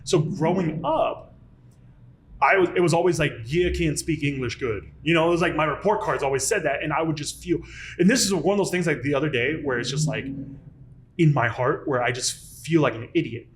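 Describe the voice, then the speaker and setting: A man in his thirties hosting a podcast, telling stories in a lively, self-deprecating way. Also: a little high, a little fast, a little hiss or hum. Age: 30s. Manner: animated, self-deprecating storyteller. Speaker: podcast host. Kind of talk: casual chat.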